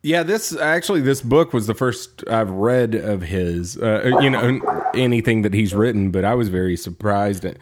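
A man's voice: fairly low pitch, animated, normal speed, few pauses, heavy background noise. A man co-hosting a podcast in casual chat, joking around, laughing often and swearing. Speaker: podcast co-host.

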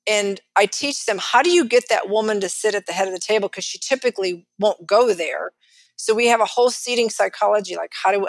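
A middle-aged financial advisor with a Texan accent, telling stories lively in an interview and acting out the people she quotes. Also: medium pitch, no room sound. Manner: animated, acts out quotes of others. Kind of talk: storytelling in a podcast interview.

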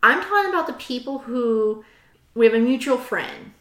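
A woman's voice: fairly high pitch, animated, normal speed, a bit bright. A woman hosting a casual chat, animatedly retelling a story and reading quotes aloud from a book. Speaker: host. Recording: roomy echo.

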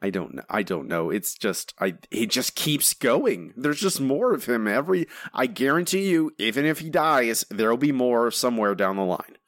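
A man co-hosting a podcast in casual chat, rambling and animated, jumping up in pitch when he mimics others. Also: normal speed, hardly any pauses, no room sound. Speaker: podcast co-host.

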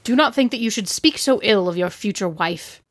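A woman voicing an earnest young Regency gentleman who speaks formally and stammers when flustered. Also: medium pitch, lively intonation, normal speed, natural voice.

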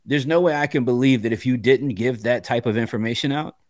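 A man on a debate panel talking casually, often checking in with a quick "right?". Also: mid-range voice, no echo, clean studio sound. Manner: conversational, keeps asking "right?".

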